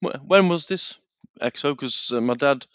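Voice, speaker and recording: A man's voice: medium pitch, moderate pace, dry recording, highs cut off. A man co-hosting a casual chat, grumbling in a jokey way. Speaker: co-host.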